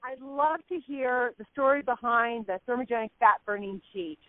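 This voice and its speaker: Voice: mid-range voice, normal speed, dry recording. A host of a product call who interviews a guest, encouraging and affirming her as she talks. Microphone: telephone. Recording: tinny phone line.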